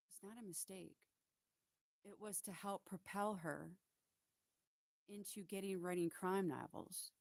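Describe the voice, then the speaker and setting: A woman working as a psychic medium delivers a spiritual channeling monologue, passing on spirit messages hesitantly and emotionally with many fillers and restarts. Her mid-range voice is a little mellow, recorded at studio quality with no echo.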